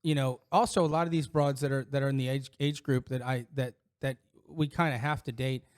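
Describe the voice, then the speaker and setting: A man's voice: medium pitch, steady tone, fairly quick, darkish tone. A middle-aged man co-hosting a podcast, telling personal stories in a candid, rambling way full of restarts and fillers. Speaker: podcast co-host. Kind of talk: casual chat.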